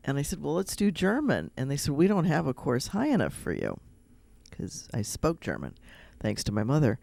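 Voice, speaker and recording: A man's voice: a little high, huge pitch swings, normal speed, vocal fry, darkish tone, dry recording. A man with a Midwestern American accent, chatting casually on a radio show and rambling through personal stories. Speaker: rabbi, radio guest.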